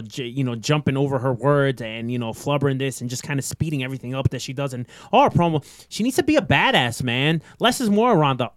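A man hosting a casual wrestling talk show, animated and rambling, laughing often. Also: medium pitch, dry recording, clean studio sound. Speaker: podcast host.

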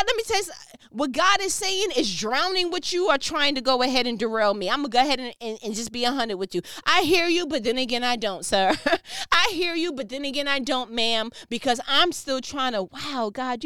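A woman's voice: high voice, expressive, a little fast, sharp tone, clear, resonant tone, no echo, clean studio sound. A woman preaching with fervent, emphatic energy, dropping slang and firing repeated questions, speaking over a phone. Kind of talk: motivational preaching.

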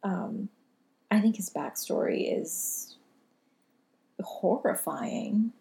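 Woman, mellow warm voice, thoughtful, measured, casual chat. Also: mid-range voice, creaky. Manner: thoughtful, measured, with filler ums. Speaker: podcast co-host.

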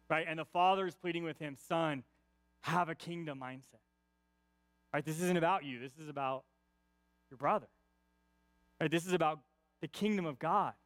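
High-voiced preacher asking "right?". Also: male voice, fairly bright tone, clear, resonant tone, no echo. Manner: peppers points with "right?" tag questions; repeats key lines for emphasis. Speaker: pastor. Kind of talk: conversational sermon.

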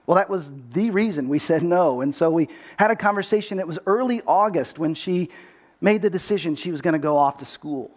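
A middle-aged Texas pastor preaches in a noticeably high, slightly mellow voice at a fairly quick clip. He relates his story earnestly, frequently repeating the opening word of a phrase.

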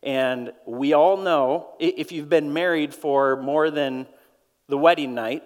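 A man's voice: a little high, takes it slowly. A man with a Minnesotan accent preaching a sermon to his church, earnest and storytelling, often repeating words as he goes. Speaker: pastor. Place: church auditorium. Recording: long reverb of a large hall.

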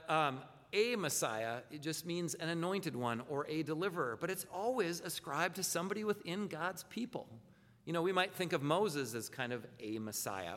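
A man preaching a sermon in a relaxed, conversational way, circling back on his words and tossing out rhetorical questions. His voice sits slightly high for a man, and it trails off into a long reverb in what sounds like a church sanctuary. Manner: conversational, self-correcting, asks rhetorical questions. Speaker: pastor.

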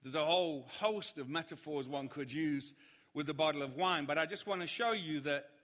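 A man preaching a sermon, telling a funny story and acting out the panic of others in shouts. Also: fairly high pitch, moderate pace. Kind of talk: sermon with humorous anecdote. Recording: hall reverb.

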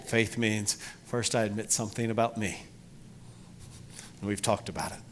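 A middle-aged man preaching a sermon to his congregation, emphatic, rising loud for emphasis and then dropping low. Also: steady tone, normal speed, slight background noise. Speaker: pastor.

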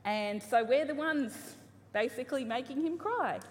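A woman's voice: high-pitched, expressive, moderate pace, a little mellow. A woman in her thirties giving a casual, humorous sermon to a church congregation, chatty, with frequent ums and restarts. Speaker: preacher. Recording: live church hall reverb, faint ambience.

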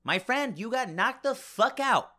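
A man doing a brash tough-guy gangster with a high, brassy bark that jumps well above his own register. He talks gruff and mocking, in a tough-guy cartoon mode. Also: expressive, a little slow, bright, forceful tone, slight background noise, heavily acted. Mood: swaggering.

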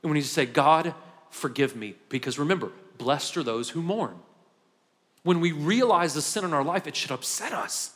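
A man's voice: fairly high pitch, normal speed, fairly bright tone. A male pastor preaching a conversational sermon in a church, building from easy talk to impassioned peaks. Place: church sanctuary. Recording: long hall reverb.

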